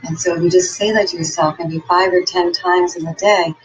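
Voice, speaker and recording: A woman's voice: on the low side, steady tone, brisk, faint music behind, poor audio. A woman giving an upbeat, encouraging motivational talk and telling personal stories. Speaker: motivational speaker.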